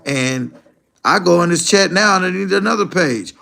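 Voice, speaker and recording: A man's voice: high voice, expressive, moderate pace, vocal fry, bright, forceful tone. A man hosting a casual livestream, talking to his chat in a rambling, profane way and laughing often. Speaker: livestream host.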